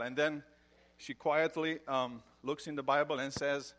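A man's voice: a little high, steady tone, unhurried, fairly bright tone. Man preaching a conversational sermon. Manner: conversational, with fillers and joke telling. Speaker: pastor.

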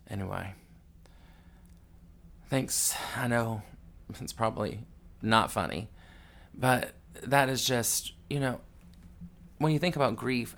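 A grieving man hosting his podcast, telling a raw, emotional family story with a lot of swearing, moving between hushed sorrow and loud, excited retelling. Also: medium pitch, slow pace, creaky, long pauses. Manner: candid and profane, swings from hushed grief to loud excited retelling. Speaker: podcast host.

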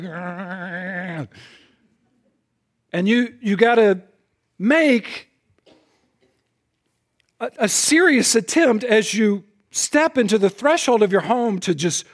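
A male pastor delivering a sermon in a voice pitched a little above most men's. He is emphatic, doubles words as he starts a phrase, and drops into quiet asides before punching his points again. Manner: swings between loud punches and soft lowered asides.

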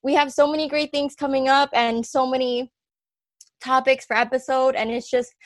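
A woman's voice: high-pitched, flat delivery, normal speed, no echo. A woman co-hosting a podcast, talking earnestly and getting emotional as she thanks listeners, laughing often. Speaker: podcast co-host. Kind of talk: casual podcast chat.

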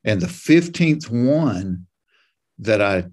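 Speaking slowly in a lowish voice, this Southern-accented man from Georgia is a comedian guest in a relaxed interview. He spins animated anecdotes in a plain, folksy way.

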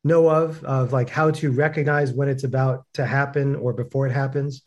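A man's voice: medium pitch, steady tone, moderate pace. A man talking casually on a webinar, chatty and full of fillers, telling stories with animation. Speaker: co-host. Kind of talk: webinar talk.

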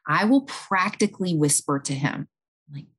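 A woman speaking as an interview guest, calmly explaining and talking through everyday examples. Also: on the low side, moderate pace. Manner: calm, explanatory, talks listeners through examples. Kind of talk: conversational advice.

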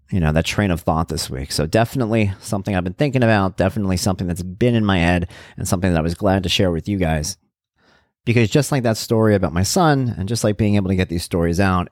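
A man's voice: low-pitched, dry recording, studio quality. A middle-aged man hosting a podcast, talking candidly and reflectively in a casual monologue. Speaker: podcast host.

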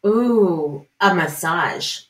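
A woman guest on a podcast, animated and laughing as she tells her stories. Her voice rings in a roomy, echoey space. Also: lowish voice, drawn-out words. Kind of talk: casual storytelling.

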